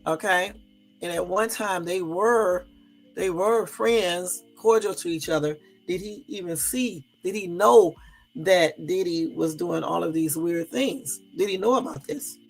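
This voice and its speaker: A woman hosting a livestream, chatting loosely and pausing over clips she plays. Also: lowish voice. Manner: chatty, loose, stops and restarts. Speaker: livestream host. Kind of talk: casual commentary over clips.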